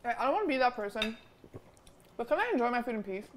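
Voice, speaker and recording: Woman co-host, slightly high-pitched, blunt and chatty, casual dinner talk with a faint hiss. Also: sing-song, fast. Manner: chatty, blunt, swears freely. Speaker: streamer co-host. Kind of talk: casual dinner chat on stream. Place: home kitchen at dinner.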